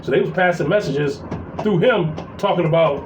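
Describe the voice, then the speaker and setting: A man telling a story in a casual, profane, animated way, venting to his viewers from his workplace. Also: on the high side, moderate pace. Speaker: vlogger. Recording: echoey, distant mic with faint background noise.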